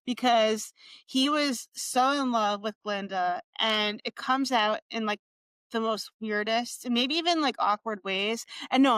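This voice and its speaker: A woman's voice: on the high side, a bit bright, clear, resonant tone, dry recording. A woman co-hosting a podcast in casual chat, explaining with animation and acting out little quotes. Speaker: podcast co-host.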